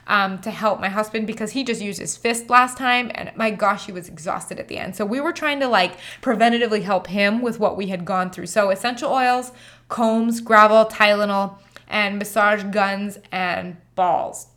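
A young woman casually telling her own birth story, chatty and animated, with frequent filler words. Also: medium pitch, moderate pace.

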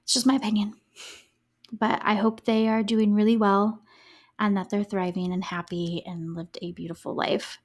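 A young woman talking through a true crime case on her solo podcast. She keeps it loose and conversational, breaking in with sarcastic reactions. Her voice sits at an ordinary middle pitch for a woman. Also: level tone, moderate pace. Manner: chatty, reactive, sarcastic asides with laughs. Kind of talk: casual solo podcast chat.

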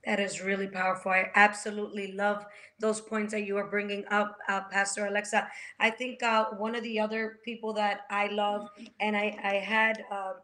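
A woman hosting a faith conversation, animated as she retells scripture stories. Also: medium pitch, moderate pace. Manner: animated, retells scripture with acted quotes and laughs.

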